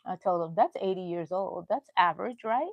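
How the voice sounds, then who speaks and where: A woman's voice: fairly low pitch, brisk, gravelly, dry recording, lo-fi sound. A woman, chatting in a rambling way to viewers of her crochet livestream from a bedroom at home. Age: 60s. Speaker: crochet channel host. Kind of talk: casual livestream chat.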